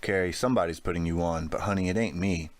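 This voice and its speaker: A witty teenage girl who teases and mocks with a snooty, sarcastic bite, as a man with a deep voice puts her on. She is quick with a put-down. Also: close to an everyday voice.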